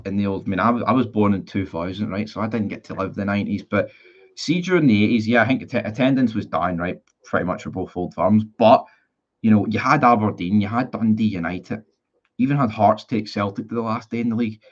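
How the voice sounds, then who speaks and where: A lowish male voice, moving a little quickly, belongs to a Northern Irish football streamer in his twenties. He casually rambles and reads viewer comments on a live stream, bluntly and with casual cursing, captured in dull lo-fi sound.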